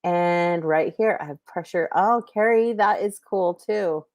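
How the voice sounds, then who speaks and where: Chatty woman on a livestream, low voice. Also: measured pace, darkish tone, no room sound, studio quality. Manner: chatty, meandering, full of fillers and restarts. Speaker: livestream host giving intuitive readings. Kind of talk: casual livestream chat.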